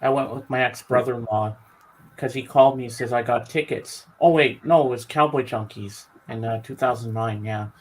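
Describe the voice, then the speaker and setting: A man's voice: mid-range voice, normal speed, poor audio. A man on a video call with a headset, chatting casually and acting out the people in his stories. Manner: animated storyteller who acts out quoted speech.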